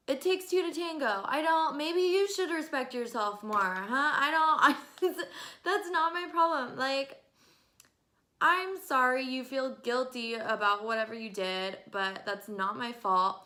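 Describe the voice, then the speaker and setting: A woman in her twenties telling stories to camera in an animated, exasperated way, often breaking into laughs. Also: sits high, unhurried. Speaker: vlogger. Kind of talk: casual storytelling to camera.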